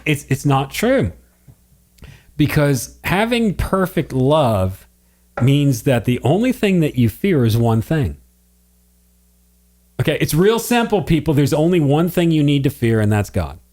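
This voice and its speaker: A man's voice: a little high, sing-song, measured pace, a little mellow. A man from New England co-hosting a faith podcast, talking in an earnest, preachy way and laughing easily. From Connecticut, New England. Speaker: podcast co-host. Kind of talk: casual faith podcast chat.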